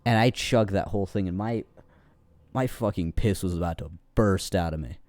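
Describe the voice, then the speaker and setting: A man's voice: low-pitched, moderate pace, a little mellow, dry recording. A young man casually telling a rambling, profane story with lots of restarts, as a streamer.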